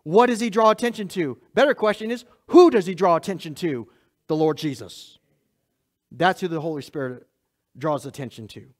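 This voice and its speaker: A man preaching a sermon as pastor of a church, emphatic and repetitive, swinging between loud and hushed lines and speaking straight to the congregation. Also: fairly high pitch, animated, normal speed. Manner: laughs at himself, talks to the congregation directly.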